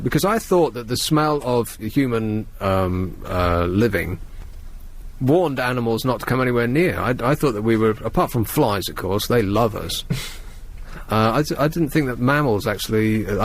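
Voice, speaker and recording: A man's voice: medium pitch, lively intonation, normal speed. A man hosting a late-night radio phone-in, chatting with callers in dry, teasing banter. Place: radio studio.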